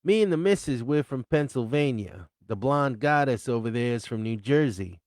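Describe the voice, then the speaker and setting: This man has a medium-pitched, darkish, natural voice with lively intonation and a moderate pace, captured in a dry, clean studio recording. He plays a cheerful, talkative male friend with an upbeat, chatty manner.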